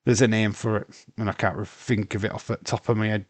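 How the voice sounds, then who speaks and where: A man's voice: on the low side, flat delivery, brisk, few pauses, a little mellow, no echo. A man with a Yorkshire accent hosting a casual live watch-along stream, swearing freely, reading chat messages aloud and rambling with restarts. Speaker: livestream host.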